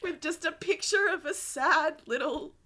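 A woman's voice: sits high, a little slow, bright, forceful tone. A woman in her thirties co-hosting a podcast, with giggly, sweary banter and casual chat. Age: 30s. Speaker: podcast co-host.

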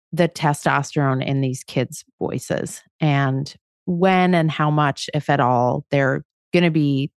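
A woman's voice: low-pitched, no room sound, clean studio sound. A middle-aged woman co-hosting a podcast, talking through parenting questions in a conversational way. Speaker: podcast co-host. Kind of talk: casual parenting discussion.

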